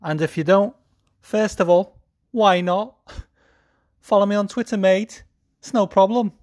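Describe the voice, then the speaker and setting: A man's voice: high voice, a little slow, a little mellow. A podcast host doing a casual fight recap in a put-on Scouse accent, mocking his own attempt. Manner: putting on a mock Liverpool accent, self-mocking.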